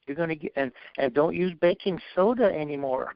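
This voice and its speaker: Fairly quick and gravelly, with a voice on the high side, a man tells his own story in an interview. He acts out both sides of past dialogues with animated, earnest, faith-driven motivation, in a dry, slightly dull lo-fi recording with no room sound.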